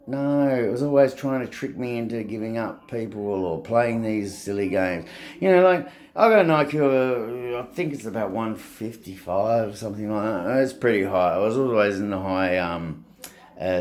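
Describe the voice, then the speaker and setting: A man's voice: low-pitched, moderate pace, a little mellow. A middle-aged man with an Australian accent, rambling in a casual, blunt and sweary monologue. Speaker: vlogger.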